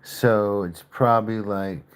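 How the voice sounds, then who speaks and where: A man's voice: fairly low pitch, steady tone, slow. Chatty man teasing his livestream chat. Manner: chatty, teasing, guessing names out loud. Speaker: livestream host. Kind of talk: casual live-stream chat with viewers.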